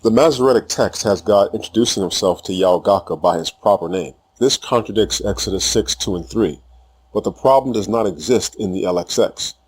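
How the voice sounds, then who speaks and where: A man reading a scripted lesson in a measured, explanatory way. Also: fairly low pitch, breathy edge. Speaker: teacher. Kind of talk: scripted narration.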